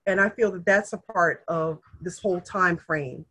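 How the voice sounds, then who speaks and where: A fairly low-pitched, breathy voice at normal speed comes from a middle-aged woman speaking as a guest in a casual chat. She relates her family history with earnest emotion, getting animated as she acts out those she quotes.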